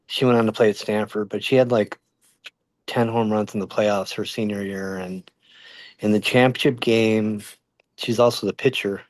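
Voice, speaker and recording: A man, a sports journalist, answering interview questions in a measured way, often pausing on ums and you-knows. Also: lowish voice, a little mellow, dry recording. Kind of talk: casual interview talk.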